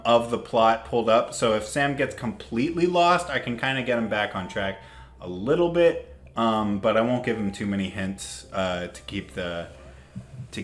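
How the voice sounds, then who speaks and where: A man's voice: lowish voice, fairly bright tone, roomy sound, a little hiss or hum. A man co-hosting a podcast, talking casually with many hesitations and fillers. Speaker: podcast co-host.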